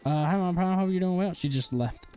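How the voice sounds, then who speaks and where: Playful young dad streaming a game. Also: male voice, sits high, a little fast, dark tone, clean tone, soft background music. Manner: playful, chatty, talks to his baby son and chat. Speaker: livestreamer and father. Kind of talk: casual gaming livestream chat.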